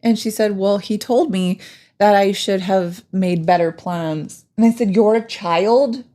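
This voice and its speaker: A middle-aged woman, co-hosting a podcast and chatting casually, telling a story with lively quoted dialogue. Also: medium pitch, unhurried. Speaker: podcast co-host. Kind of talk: casual chat.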